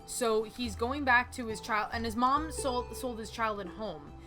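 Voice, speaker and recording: A woman's voice: fairly high pitch, unhurried, music in the background. A woman hosting a gaming channel, chatting casually as she plays and often exclaiming and talking back to the game. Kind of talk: casual let's-play commentary.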